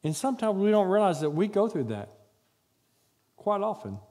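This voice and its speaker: A man's voice: high-pitched, very animated, normal speed, a little mellow. A man giving a chatty children's sermon in a church, rambling and acting out quotes. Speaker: pastor. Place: church sanctuary.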